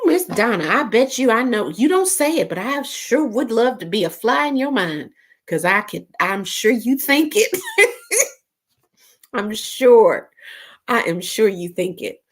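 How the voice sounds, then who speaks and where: A woman hosting a casual online gathering, reading viewer comments in a playful, teasing way. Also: mid-range voice. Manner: playful, teasing, lots of laughs and sighs. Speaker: host of a live online gathering.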